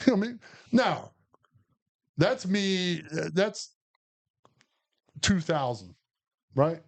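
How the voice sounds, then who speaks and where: A man's voice: on the high side, animated, slow pace, creaky, long pauses. A man, co-hosting a podcast and telling a long, profane, rambling story full of restarts. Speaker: podcast co-host. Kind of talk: casual storytelling chat.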